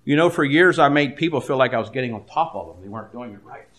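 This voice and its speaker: An older man preaching a sermon, dropping to a hush and then rising loud, often stammering into repeats. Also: medium pitch, lively intonation, echoey room. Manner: swings between hushed and loud, halting repeats.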